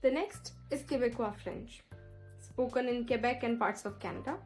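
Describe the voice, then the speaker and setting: A woman teaching French pronunciation in an online lesson, explaining clearly and slowing down to model words. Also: on the high side, darkish tone, faint music behind, rough recording.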